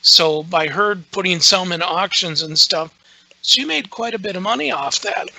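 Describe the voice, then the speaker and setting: A man's voice: sits high, lively intonation, moderate pace, creaky, pushed and bright, no echo, rough recording. A man, a guest on a podcast, telling a long story casually, full of filler words and restarts. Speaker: guest, radio show host.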